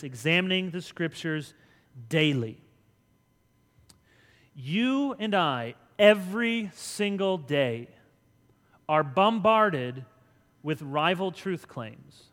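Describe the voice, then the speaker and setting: Male pastor, bright higher-set voice, conversational sermon in a reverberant church hall. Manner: conversational preaching, swings from loud to soft. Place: church sanctuary.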